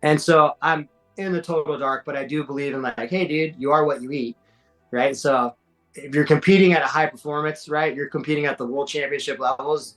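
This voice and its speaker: Guesting on a podcast, a forties-aged man shares stories in loose, slangy chat, swearing and acting out what people said. His voice is medium in pitch with a fairly bright tone, captured in a low-quality recording.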